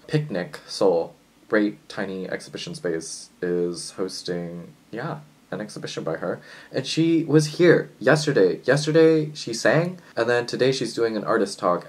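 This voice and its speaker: A young man chatting casually in a book vlog, excitable and a little jittery from coffee, swinging between loud enthusiasm and quiet musing. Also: lowish voice, low-quality recording. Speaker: book vlogger.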